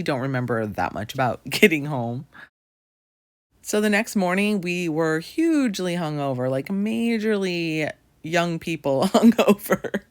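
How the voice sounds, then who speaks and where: Woman in her forties, comic storytelling voice-over, wry and candid, lower pitch, dry close sound. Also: no echo. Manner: candid and wry, with casual swearing. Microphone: voice-over recorded for an animated video.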